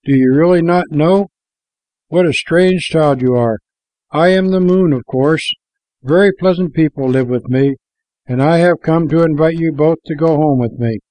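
Picture a soft, kindly moon spirit, a lady of the night sky, as a man reading aloud puts her on with a slightly raised, gentle lilt. She speaks invitingly and calmly, recorded dry and close. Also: on the high side, normal speed, no room sound, close to an everyday voice, poor audio.

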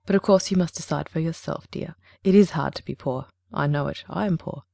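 A woman reading a story aloud, voicing a gentle, grave woman of sixty who speaks softly. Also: low-pitched, a little fast, vocal fry, no room sound. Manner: gentle, grave, soft-spoken.

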